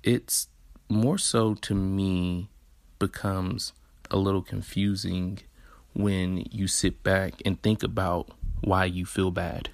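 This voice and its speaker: Deep gravelly Southern man podcasting. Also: level tone, takes it slowly, no echo. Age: 20s. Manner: laid-back, candid, slangy and profane. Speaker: podcast host. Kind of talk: casual solo podcast monologue.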